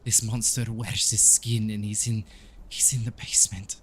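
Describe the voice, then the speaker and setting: A man's voice: lowish voice, flat delivery, normal speed, slight background noise, lightly acted. A man voicing a grieving older male village priest who weeps, stammers and pleads in a raised voice. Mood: tearful.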